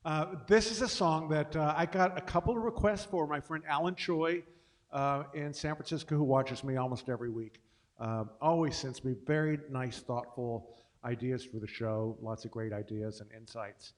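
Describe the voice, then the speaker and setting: A man's voice: mid-range voice, fairly even intonation, moderate pace. A middle-aged man hosting a casual livestream, chatting between songs in a rambling, self-deprecating way. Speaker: host and singer-pianist.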